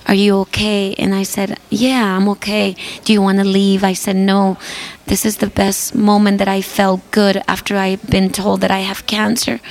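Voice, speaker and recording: A woman's voice: mid-range voice, creaky, a little hiss or hum. A woman guest singer giving an earnest faith testimony, retelling scenes by quoting what people said. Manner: earnest storytelling, quoting dialogue.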